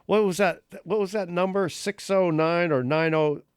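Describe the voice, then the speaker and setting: Rowdy high-voiced man swapping crude jokes. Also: moderate pace, clean tone, dry recording, clean studio sound. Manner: rowdy, swearing, laughing storyteller. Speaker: podcast co-host. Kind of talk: crude joking banter.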